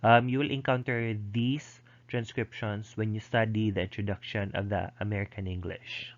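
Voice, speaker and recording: A man's voice: fairly low pitch, fairly even intonation, normal speed. A man lecturing and explaining step by step, with frequent ums and restarts. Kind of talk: recorded lecture. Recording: dull lo-fi recording.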